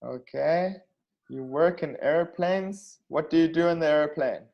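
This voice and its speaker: A man's voice: a little high, a little slow, gravelly, muffled recording. A man teaching an online English speaking class, patient and repetitive, checking in with the students after nearly every sentence.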